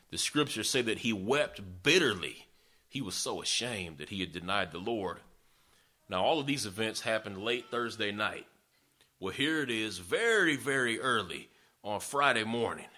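A man's voice: fairly low pitch, animated, moderate pace, pushed and bright. A man preaching a sermon, retelling scripture in a folksy, conversational way with sarcastic asides. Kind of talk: sermon storytelling.

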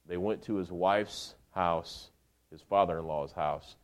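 A male preacher with a lowish voice retells a story in a chatty, colloquial sermon. He keeps it animated and conversational, and he addresses his listeners directly. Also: takes it slowly.

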